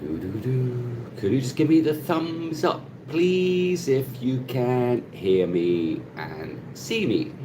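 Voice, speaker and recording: A man's voice: medium pitch, slow pace, few pauses, noisy background. A middle-aged man hosting a casual live stream from his phone, chatting and greeting viewers by name and laughing often. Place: Cebu, Philippines.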